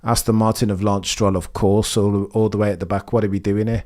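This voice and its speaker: A young man hosting a live race watchalong stream, talking straight to his chat, quiet and nervous one moment, loud and excited the next. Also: lowish voice, fairly quick, hardly any pauses. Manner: chatty, talks straight to his viewers; swings from hushed nervous mumbling to loud excited shouting. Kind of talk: live sports watchalong commentary.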